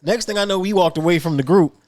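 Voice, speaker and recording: A man's voice: high-pitched, fast talker, dry recording. Laughing man reading a story aloud. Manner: animated, laughs often while reading. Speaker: podcast guest. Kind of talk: reading a listener story aloud, casual chat.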